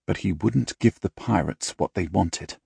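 Low husky guy reading an audiobook, gravelly, dramatic and measured, dry close mic. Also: dark tone, no echo. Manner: measured, dramatic storytelling with growled dialogue. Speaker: audiobook narrator. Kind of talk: scripted audiobook narration. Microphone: close studio mic.

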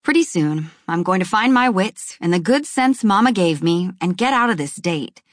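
A young woman narrates an audiobook in first person, her voice sitting a touch low. She tells the story with a wry, dramatic edge. The studio sound is dry and close, with no room echo. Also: animated, moderate pace.

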